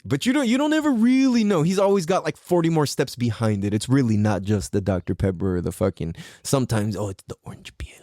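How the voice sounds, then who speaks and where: A man's voice: medium pitch, animated, a little fast, few pauses, dark tone, no echo, studio quality. A man hosting a podcast, talking casually and comically, laughing often and acting out his relatives' voices. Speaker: podcast host. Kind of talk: casual comedic monologue.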